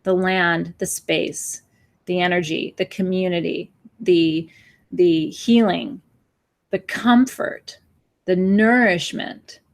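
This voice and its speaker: A woman in her forties speaks with a gravelly edge as a spiritual teacher leading a new moon gathering. She talks with earnest, emotional urgency, pleading with her listeners, now and then acting out gasps and sighs. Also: on the low side, fairly even intonation, takes it slowly. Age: 40s. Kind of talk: live-streamed new moon talk.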